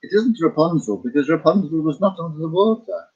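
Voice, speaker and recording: A man's voice: a little high, animated, a little fast, a little mellow, slightly rough, lo-fi sound. A man, a painter, talking about his work in a casual, rambling vlog, musing and correcting himself as he goes. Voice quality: musing, wandering, self-correcting. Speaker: vlogger and painter.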